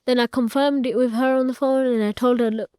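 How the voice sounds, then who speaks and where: Warm, smooth-voiced young woman recounting. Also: on the high side, steady tone, brisk, dry recording, studio quality. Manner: earnest, retells family dialogue at length. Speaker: interview guest. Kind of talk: recounting a personal story.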